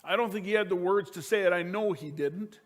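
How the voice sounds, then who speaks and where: A man preaches a fairly quick sermon in a voice that sits high. As a pastor sharing a family story, he swings from loud emphasis down to hushed lines.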